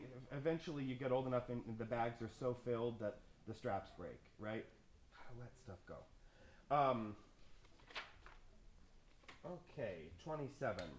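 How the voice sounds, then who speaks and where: A man conducting a youth orchestra rehearsal, counting beats, singing parts and giving brisk, joking instructions. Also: a little high, a little hiss or hum. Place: concert stage with orchestra. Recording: roomy stage, orchestra nearby.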